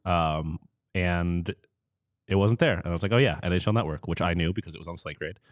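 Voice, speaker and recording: A man's voice: low voice, a little fast, no echo, clean studio sound. A man co-hosting a sports podcast in casual chat, eager and self-deprecating. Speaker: podcast co-host.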